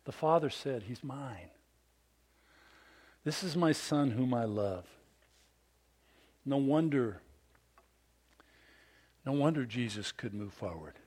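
A middle-aged man preaching a sermon in a conversational storytelling style, moving from loud emphatic bursts to hushed, almost whispered lines. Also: medium pitch, animated, slow, pauses often, slightly rough. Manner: conversational, with restarts and storytelling asides. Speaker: pastor.

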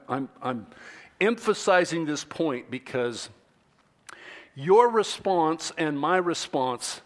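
Man, pastor, conversational sermon, acted asides, restarts, mid pitch. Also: a bit bright.

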